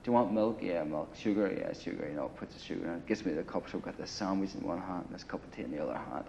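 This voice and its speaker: A man's voice: sits low, fast talker, vocal fry, dark tone, slight background noise. A man casually telling a long war story in a grungy apartment, rambling and profane, with lots of "you know" and "right.". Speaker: interviewee telling war stories. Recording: dull lo-fi 1980 film audio.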